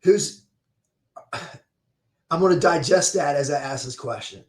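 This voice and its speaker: A man's voice: on the high side, measured pace. A man hosting a podcast who rambles through his questions, searching for the right words. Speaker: podcast host. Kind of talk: casual interview questions. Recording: roomy echoey sound.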